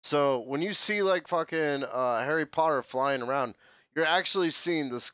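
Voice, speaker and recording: A man's voice: fairly high pitch, bright, forceful tone, clean tone, dry recording. A young man co-hosting a casual podcast, cracking crude jokes and laughing often. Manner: crude, laughing, quick wisecracks. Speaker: podcast co-host. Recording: dry, dull lo-fi mic.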